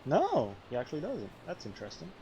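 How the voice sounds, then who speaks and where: A man streaming a video game, giving casual commentary full of swearing and animated rants. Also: on the high side, fairly quick, dull audio, slight background noise.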